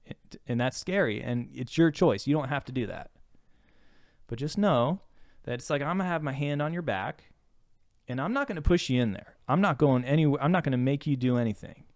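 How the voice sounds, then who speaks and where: A man's voice: medium pitch, brisk, darkish tone, no room sound, studio quality. A man speaking as a therapist in a casual podcast chat, reflective and searching, often restarting his sentences as he works his thoughts out.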